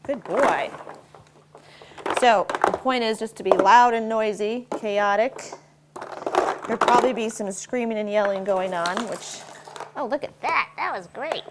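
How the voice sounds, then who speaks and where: A woman's voice: fairly high pitch, normal speed. Woman dog trainer explaining commands. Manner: praises the dog warmly and often in a bright raised voice. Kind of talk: instructional dog training demo. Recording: faint background noise with clicker clicks.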